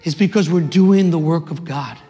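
A man preaching a sermon with passion, repeating his phrases and swinging from shouts to hushed tones. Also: a little high, moderate pace, faint music behind. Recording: long reverb of a large hall.

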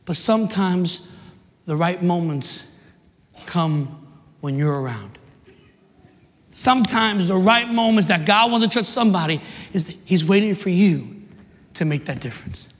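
A man, preaching passionately to young people, rising to emphatic shouts and dropping in joking asides. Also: high voice, lively intonation, a little slow, pauses often. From New York City, USA. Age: 30s. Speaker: youth minister. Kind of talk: preaching to a live audience. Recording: reverberant hall.

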